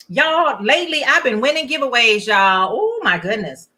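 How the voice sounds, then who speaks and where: Casting: middle-aged woman host, chatty, keeps saying "y'all", bright, slightly high voice. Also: sing-song, moderate pace. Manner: chatty, reads chat comments aloud, says "y'all" often. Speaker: livestream host. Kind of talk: casual livestream chat.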